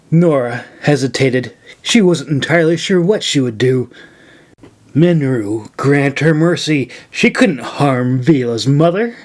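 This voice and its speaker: A man reading his own fantasy novel aloud as narrator, slow and measured. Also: mid-range voice, expressive, darkish tone. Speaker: author and narrator. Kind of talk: audiobook narration.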